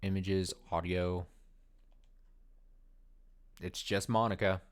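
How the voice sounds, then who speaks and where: A man's voice: deep voice, fairly even intonation, takes it slowly. A man streaming a game, talking casually, swearing and laughing often. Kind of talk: casual let's play commentary.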